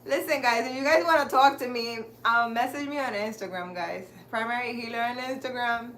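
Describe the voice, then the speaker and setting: A woman's voice: a little high, brisk, few pauses, fairly bright tone. A woman who hosts her own channel as a spiritual healer, chatting casually and animatedly to her live viewers and laughing often. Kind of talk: casual live-stream chat.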